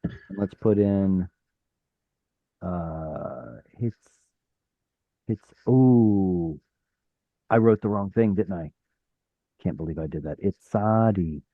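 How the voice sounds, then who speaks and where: This man teaches an online Hebrew class over a video call, speaking low and slowly with long pauses. He explains step by step, sounding out letters and correcting himself along the way, and the audio is dry, narrow and tinny.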